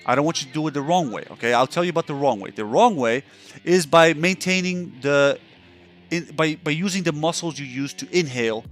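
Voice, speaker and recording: A man's voice: mid-range voice, a bit bright. A male counselor giving a loose, conversational instructional talk over a webcam, often checking in with his listener. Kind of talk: instructional explanation.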